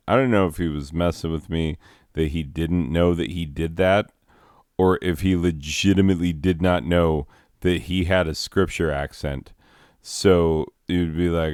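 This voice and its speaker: A man hosting a video, talking in a halting, self-deprecating, rambling monologue. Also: extremely low pitch, steady tone, a little mellow, clean tone, dry recording, studio quality. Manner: halting, self-deprecating, many fillers and restarts. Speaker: video host.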